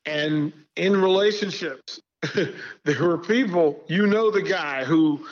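A man's voice: fairly high pitch, slow. A man from Virginia, a guest speaking candidly and earnestly, often repeating words as he builds a point. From Arlington, Virginia. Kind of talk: candid conversational talk. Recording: dull lo-fi sound.

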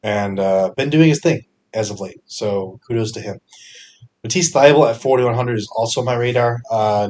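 A man with a fairly low voice breaks down his fantasy sports picks on his podcast. He sounds casual and energetic, often filling pauses and correcting himself mid-thought.

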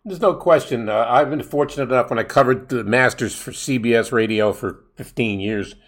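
A man hosting a sports radio show, chatting casually and animatedly, sometimes acting out fans yelling. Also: mid-range voice, brisk.

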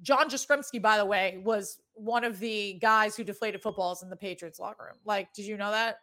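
A woman's voice: mid-range voice, moderate pace, fairly bright tone. A woman in her thirties from New England with a Boston accent tinged with New York, hosting a sports betting show in rambling, casually profane chat.

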